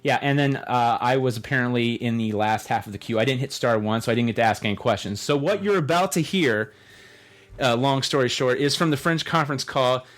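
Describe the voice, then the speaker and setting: Podcast host guy, rambling along, chatty and animated. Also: mid-range voice, fairly quick. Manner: rambling, animated storyteller who acts out quotes. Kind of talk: casual chat.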